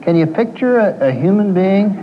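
A man's voice: high-pitched, moderate pace, lo-fi sound, a crowd in the background, background noise. A man giving a lecture to an audience as a counselor, telling stories and acting out what his clients say. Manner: animated storyteller, acts out quoted clients.

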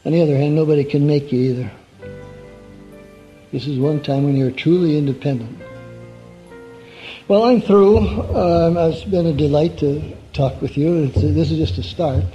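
A man's voice: fairly high pitch, normal speed, pauses often, warm tone, soft background music. A man preaching an evening sermon in a conversational, folksy way, often putting questions to his listeners. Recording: dull lo-fi recording.

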